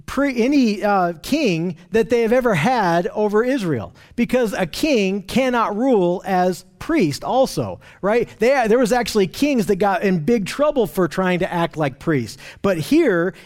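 A man preaching a sermon in an earnest teaching tone, slowing down to stress scripture. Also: high voice, expressive, darkish tone.

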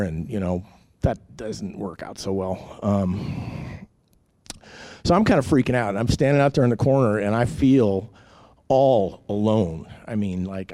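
Guy with a lowish voice rambling through his own story, lots of ums and restarts, dry close sound. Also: warm tone, no echo. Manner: rambling, candid, heavy with fillers and restarts. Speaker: testimony speaker. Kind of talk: personal testimony storytelling.

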